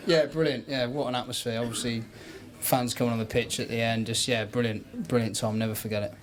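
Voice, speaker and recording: A former footballer chatting casually as a guest in an on-stage interview, speaking plainly and laughing easily. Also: male voice, medium pitch, steady tone, a little fast.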